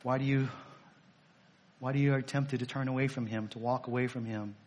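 A man's voice: medium pitch, fairly even intonation, a little fast, a little mellow. A male pastor preaching a sermon, emphatic and repetitive, firing off rhetorical questions.

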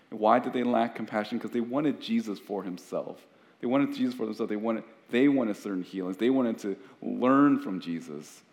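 A man with a lowish, slightly mellow voice preaches as pastor, earnest and conversational. He keeps restarting sentences, and the audio has a long hall reverb.

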